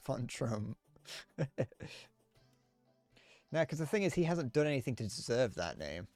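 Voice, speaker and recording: A man's voice: mid-range voice, big pitch swings, unhurried, a little mellow, soft background music. A man chatting casually while streaming a game, rambling, swearing, and stammering through restarts. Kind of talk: casual live-stream chat while gaming.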